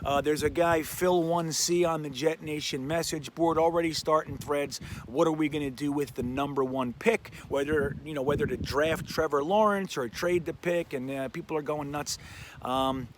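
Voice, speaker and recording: A man's voice: on the high side, fairly even intonation, normal speed, a little hiss or hum. A man hosting a fan show, giving brash, joking sports predictions in casual commentary. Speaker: fan podcast host.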